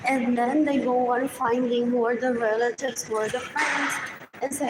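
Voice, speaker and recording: A woman's voice: on the high side, fairly even intonation, normal speed, noisy background. A woman livestreaming a rambling monologue, muttering and repeating herself as she drifts between English and Spanish. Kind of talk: rambling live stream monologue.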